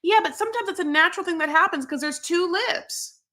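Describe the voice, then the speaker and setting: A woman's voice: extremely high pitch, a little fast, bright, forceful tone. A woman co-hosting a casual recap podcast, rambling and bawdy with lots of fillers. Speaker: podcast co-host.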